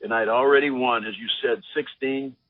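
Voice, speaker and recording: An older former ballplayer telling lively anecdotes in an interview, acting out the voices of the people he quotes. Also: medium pitch, normal speed. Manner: animated anecdotes, acts out quotes. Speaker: former baseball pitcher, guest. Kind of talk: storytelling interview. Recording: dry, phone-like line.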